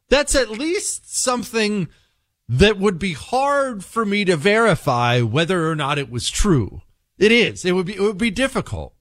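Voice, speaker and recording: A male talk radio host delivers an incredulous, emphatic monologue that keeps wandering. His voice sits high and swings widely in pitch. It is recorded close and dry in the studio. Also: fairly bright tone, dry recording.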